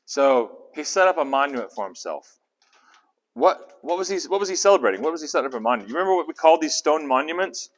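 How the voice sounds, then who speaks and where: A man leading a casual Bible study, animated and conversational, often asking the group questions. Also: on the high side, fast.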